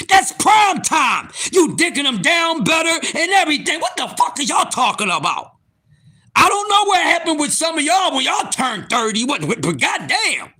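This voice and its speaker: A man in his fifties hosts a live stream and rants at his viewers, loud, profane and incredulous. His very high voice sounds sharp and bright and swings widely in pitch.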